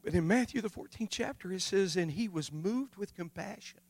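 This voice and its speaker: A male missionary preaching a sermon, swinging from loud shouts to hushed, quiet passages. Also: high-pitched, expressive, normal speed, in a large hall.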